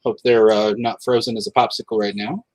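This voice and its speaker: A man's voice: fairly low pitch, little pitch movement, a little fast, a little mellow, no room sound, rough recording. Chatty South Dakota man hosting a chat. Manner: laughs often, chatty and upbeat. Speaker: host. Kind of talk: casual livestream chat.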